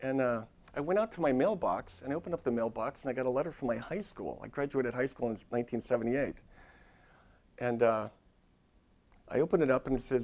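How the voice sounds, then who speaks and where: A therapist in his fifties teaches a university class with a voice of ordinary middle pitch. He talks in an informal, conversational way. He repeats phrases and keeps checking in with his students by asking "okay?". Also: fairly quick, darkish tone. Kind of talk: classroom lecture.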